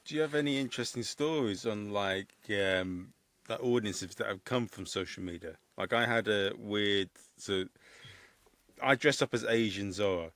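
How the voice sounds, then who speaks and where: A man's voice: on the low side, normal speed, fairly bright tone, no echo. A man hosting a casual interview podcast, rambling through stories and questions with easy laughs. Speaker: podcast host and comedian.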